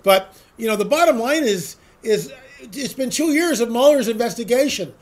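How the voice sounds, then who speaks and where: Man, high voice, talk show host, opinionated monologue, sarcastic, ranting, mocking laughs. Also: animated, moderate pace. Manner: addresses listeners directly as folks.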